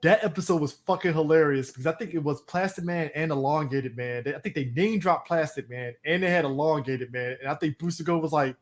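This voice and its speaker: A man's voice: a little high, brisk, few pauses. A man co-hosting a casual comic-book podcast, rambling through stories and acting out what people said. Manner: rambling storytelling, acting out quoted voices. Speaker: podcast co-host. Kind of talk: casual chat.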